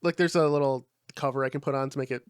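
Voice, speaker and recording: Casual young man with a smooth, clear voice. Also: medium pitch, steady tone, fast talker, no room sound, clean studio sound. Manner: laid-back, swears freely, lots of fillers. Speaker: podcast co-host. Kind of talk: casual chat.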